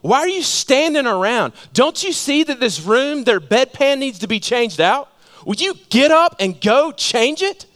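A male preacher voicing a brusque head nurse who scolds with rapid, demanding questions. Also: sits high, big pitch swings, voice pushed up. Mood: scolding.

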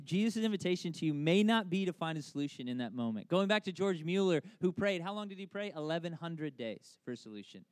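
A middle-aged male pastor delivers a sermon in a loose, chatty style, full of fillers and sudden bursts of energy. His voice sits a little high for a man. The sound is close and dry, with no room around it. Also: no room sound. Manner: conversational, animated preaching with frequent fillers.

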